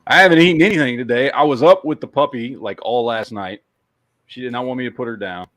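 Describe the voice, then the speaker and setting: A man's voice: medium pitch, quick pace, fairly bright tone, no room sound. A man with a Texas accent hosting a casual podcast chat, rambling and swearing freely. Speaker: podcast host.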